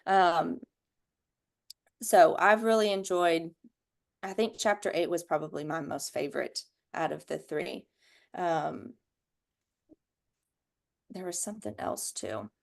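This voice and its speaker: Woman, unhurried, thoughtful, many ums, low-ish voice. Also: gravelly. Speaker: book study participant. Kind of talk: casual group discussion.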